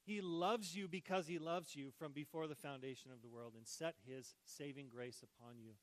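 Animated man preaching a sermon. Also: on the high side, moderate pace, rough recording. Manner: animated, shifts between hushed and loud, jokes. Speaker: pastor.

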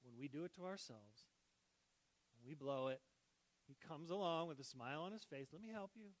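A man preaching a sermon as pastor, swinging between hushed tender lines and loud, joking bursts. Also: medium pitch, normal speed, no room sound, low-quality recording. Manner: animated, shifts between hushed and loud, jokes.

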